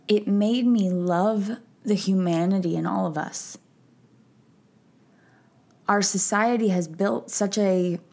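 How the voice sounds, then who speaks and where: A woman's voice: mid-range voice, creaky, a little mellow. A woman hosting a podcast, speaking in a personal, reflective way and getting teary and emotional as she talks. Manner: slow, emotional, tearful at times. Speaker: podcast host.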